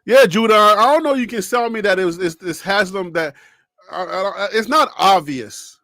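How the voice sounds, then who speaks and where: A man hosting a live sports reaction stream, talking straight to his chat in a rambling, animated way. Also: high voice, moderate pace, no echo, clean studio sound. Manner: shouting and cheering with joy; emotional, near tears, thanking God.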